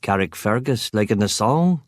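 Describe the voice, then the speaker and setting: A man voicing a scarred, calm hitman of about fifty with a Belfast accent, speaking in low, curt mumbles. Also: normal speed, no echo, clean studio sound, close to an everyday voice. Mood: menacing.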